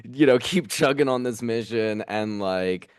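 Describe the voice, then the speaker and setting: A man telling a heartfelt story in a casual podcast chat, animated and full of fillers. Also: medium pitch, measured pace, smooth, no echo, clean studio sound. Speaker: comedian guest.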